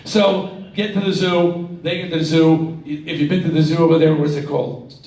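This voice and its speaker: A man's voice: on the high side, moderate pace. Profane storytelling man in his sixties. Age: 60s. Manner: animated, swearing, laughing while telling stories. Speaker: guest on stage. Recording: echoey, distant live-room sound with faint noise.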